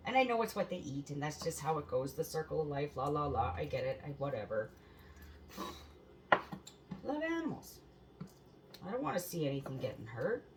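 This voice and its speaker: A woman's voice: low voice, background noise. A woman hosting a home cooking show, chatting casually in her kitchen, swearing freely and laughing at her own stories.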